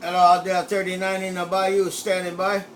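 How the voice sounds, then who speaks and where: A CB radio operator, his voice sitting high and monotone at normal speed, banters playfully and throws in a quacking catchphrase. The CB radio recording carries light static.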